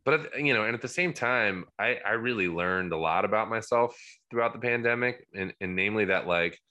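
Loud deep-voiced man with a Jersey accent. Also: a little fast, highs cut off. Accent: New Jersey. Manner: loud, rambling, many restarts and fillers. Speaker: podcast guest, musician. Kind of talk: casual podcast chat.

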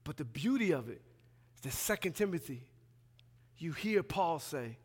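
Guy preaching in a church, voice pitched up high, loud then hushed, big echo hanging in the hall. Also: very animated, normal speed, long pauses, breathy edge. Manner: swings between loud emphatic preaching and quiet low asides; colloquial, plays out dialogue in voices. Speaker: pastoral resident. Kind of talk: sermon. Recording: long hall reverb.

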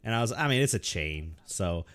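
A man's voice: on the low side, moderate pace, dry recording. A young man co-hosting a podcast, telling stories in casual chat with lots of swearing and laughter. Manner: animated storytelling, swears often, laughs. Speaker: podcast co-host.

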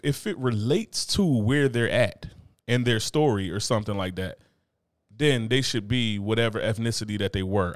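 A man in casual podcast chat, arguing his points in a loose, profane, animated way. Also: lowish voice, no echo, clean studio sound. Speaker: podcast co-host.

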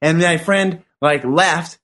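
A man's voice: a little high, slow pace, a bit bright. A man co-hosting a spiritual talk show, telling a long story with lots of affirming yeses. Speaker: co-host.

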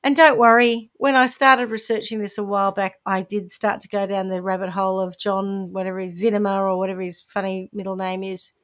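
A woman's voice: mid-range voice, level tone, fairly quick, few pauses. A woman with a New Zealand accent, co-hosting a podcast and telling a true-crime story in a chatty, wry way. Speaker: podcast co-host presenting the case. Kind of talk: casual chat.

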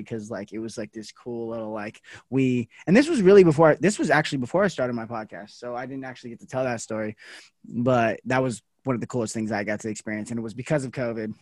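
A man's voice: medium pitch, a little mellow, no room sound. Chatty male podcast host, dry sound. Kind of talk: casual chat.

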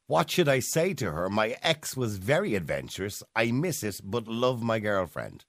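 A man hosting a phone-in interview, jumping in with quick questions. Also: fairly low pitch, very animated, fairly bright tone, no room sound, studio quality. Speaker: radio host.

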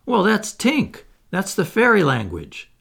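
Man reading as a cocky, carefree boy in a storybook, gravelly, husky, with a lively swooping voice. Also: high voice, measured pace, voice pushed up, exaggerated voice. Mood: cheerful. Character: boastful, cheerful boy who never grows up.

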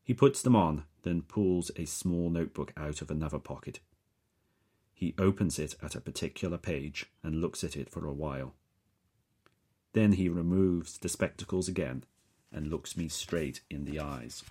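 A man reads a first-person thriller in an unhurried, measured way. His voice sits extremely low, with a husky, breathy grain to it. The delivery is steady and even throughout. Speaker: audiobook narrator.

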